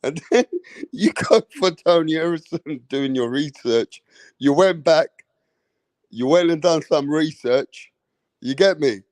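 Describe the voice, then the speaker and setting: A man hosting a boxing reaction stream, his voice pitched high for a man as he delivers a profane, mocking rant. He drags his words out slowly and keeps circling back to the same taunts. The sound is close and dry. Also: expressive, a little mellow, no room sound. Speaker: boxing commentator host. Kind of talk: ranting reaction commentary.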